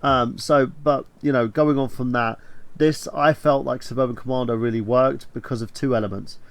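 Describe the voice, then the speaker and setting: A man co-hosting a casual movie talk show, animated and swearing freely as he acts out quotes. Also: mid-range voice, normal speed, no room sound. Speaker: podcast co-host.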